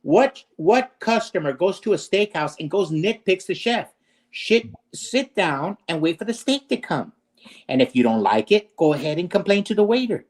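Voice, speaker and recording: A man's voice: high-pitched, very animated, normal speed. A man lecturing and arguing in a heated political debate, combative and profane, firing off rhetorical questions.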